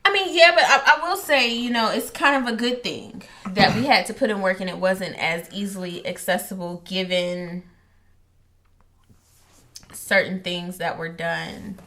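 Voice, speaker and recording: A woman's voice: mid-range voice, unhurried, bright, forceful tone. A woman co-hosting a podcast in casual chat, playful and teasing. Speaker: podcast co-host.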